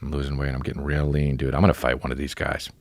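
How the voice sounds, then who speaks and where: A man's voice: rumbling low, completely flat delivery, fast, no room sound. A man hosting a podcast, ranting casually in a profane, rambling way, full of restarts as he tells a story. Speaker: podcast host. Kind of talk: casual comedic rant. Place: podcast studio.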